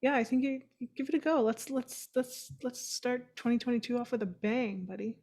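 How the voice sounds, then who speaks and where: A woman hosting a casual podcast chat over a video call, chatty, encouraging and quick to laugh. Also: a little high, darkish tone. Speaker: podcast host.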